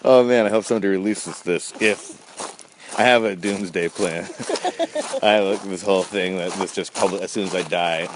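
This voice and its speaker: A man's voice: low voice, steady tone, moderate pace, background noise. A man hosting a podcast, chatting casually in a goofy, joking way. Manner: goofy, joking, sing-song bits. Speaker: podcast host. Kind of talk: casual comedic chat.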